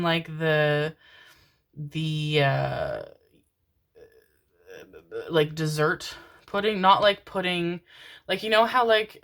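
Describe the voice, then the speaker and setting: A woman's voice: fairly low pitch, a bit bright. A woman giving a casual pick-a-card tarot reading, chatty and rambling, often breaking into laughter.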